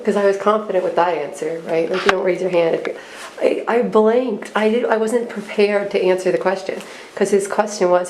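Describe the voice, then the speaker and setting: A woman's voice: mid-range voice, fairly even intonation, a little fast, slight background noise, poor audio. A young woman in a casual student vlog, chatty and self-deprecating, rambling through her day. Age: young adult. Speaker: student vlogger. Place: around a snowy campus and her kitchen.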